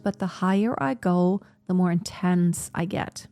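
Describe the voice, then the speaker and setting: A woman teaching a singing lesson, who explains calmly and then demonstrates scales on single syllables. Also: medium pitch, measured pace, hardly any pauses, soft background music. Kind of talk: vocal lesson with sung demonstrations.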